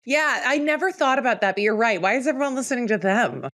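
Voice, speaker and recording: A woman guest on a casual film podcast, agreeable and playful, full of quick agreements. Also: on the high side, animated, fairly bright tone.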